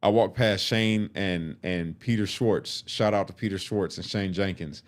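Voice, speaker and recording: Man, lowish voice, animated, swears freely, tells his own story casually. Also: unhurried. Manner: profane, animated, acts out quotes.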